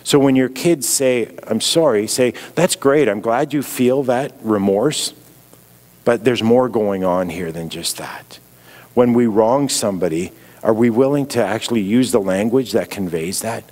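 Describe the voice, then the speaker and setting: A middle-aged man with a Canadian accent, preaching as a guest speaker in an earnest, reflective way, dropping softly when he quotes. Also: on the low side, normal speed. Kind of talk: sermon.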